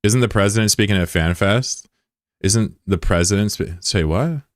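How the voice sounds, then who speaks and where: A man's voice: fairly low pitch, normal speed, no echo, studio quality. A man streaming live in casual chat, joking and swearing as he reads out viewer comments. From United States. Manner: joking, profane, rambling asides.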